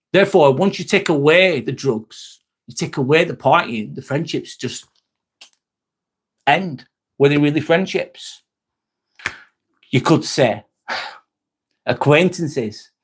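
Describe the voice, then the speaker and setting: Male host in his 40s, slightly high-pitched, blunt and sweary, casual live-stream chat. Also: slightly rough. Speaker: livestream host.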